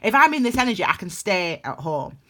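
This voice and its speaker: A woman's voice: mid-range voice, sing-song, fairly quick, sharp tone. Woman, tarot reader; emphatic, rambling delivery, mid-range voice. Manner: rambling and emphatic, many restarts. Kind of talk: casual tarot reading.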